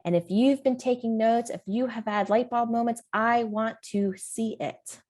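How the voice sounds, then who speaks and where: A woman's voice: on the high side, steady tone, moderate pace. Earnest woman hosting a parenting podcast. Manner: warm, encouraging and earnest. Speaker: parent coach and podcast host. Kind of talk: solo podcast talk.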